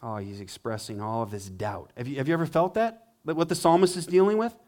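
A man who is a pastor preaching a sermon, swinging from hushed to emphatic and acting out quoted complaints in a whining voice. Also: fairly even intonation, fast talker. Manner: dramatic, acts out quoted complaints in a higher whining voice.

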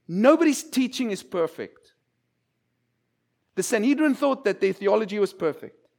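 A man's voice: high voice, big pitch swings, normal speed, darkish tone. A man preaching as a church minister, talking conversationally and acting out quotes. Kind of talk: sermon.

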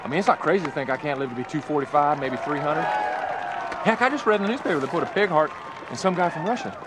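An actor playing a wealthy man who boasts, excitedly, that he can live for centuries. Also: fairly high pitch, fast talker, crowd noise, noisy background, close to an everyday voice. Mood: eager.

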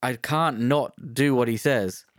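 A man's voice: medium pitch, takes it slowly, no room sound, studio quality. A man co-hosting a podcast, chiming in with short remarks and agreement in casual chat. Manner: brief interjections and agreement. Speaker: podcast co-host.

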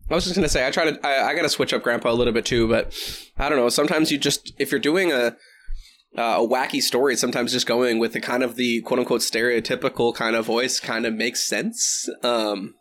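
A man's voice: medium pitch, steady tone, fairly quick, a bit bright, a little hiss or hum. A man hosting a casual podcast chat, giggly and playful, often slipping into silly voices. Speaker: podcast host.

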